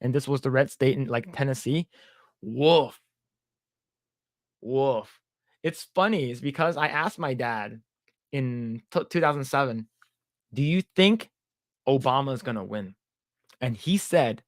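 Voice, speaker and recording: A man's voice: medium pitch, measured pace, long pauses, dry recording, studio quality. A man in his thirties co-hosting a podcast, telling rambling stories, swearing and reading viewer comments aloud. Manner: rambling storyteller, swears, mimics voices in quotes. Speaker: podcast co-host. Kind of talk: casual chat, reading comments.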